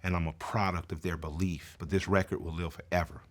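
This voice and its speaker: Heartfelt low-voiced man. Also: little pitch movement, fairly quick. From Atlanta, US. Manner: soft-spoken, heartfelt, reciting rap lyrics. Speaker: rapper explaining his song. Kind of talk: reflective interview talk.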